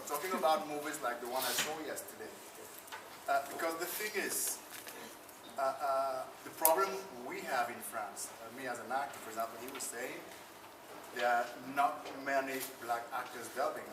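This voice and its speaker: Impassioned male actor in an echoey hall. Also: mid-range voice. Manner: impassioned, emphatic repetition. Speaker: actor on a debate panel. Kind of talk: panel debate. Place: conference room at a film festival. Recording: roomy, distant mic, noisy ambience.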